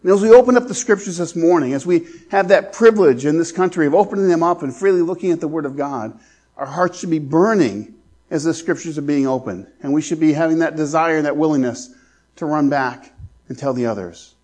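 A man preaching a sermon as pastor, earnest, slowing down to stress scripture. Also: fairly high pitch, a little mellow.

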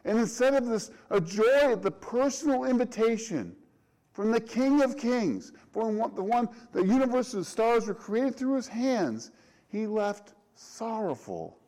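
A man's voice: very high voice, sing-song, unhurried, warm tone, poor audio. A middle-aged man, a pastor, delivering a conversational sermon with frequent restarts and rhetorical questions.

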